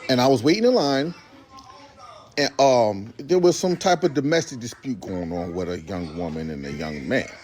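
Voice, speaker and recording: A middle-aged man tells a story casually, his pitch rising and falling a great deal. He acts out each scene with sound effects and quoted lines. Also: normal speed. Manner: casual, animated, acting out. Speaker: guest.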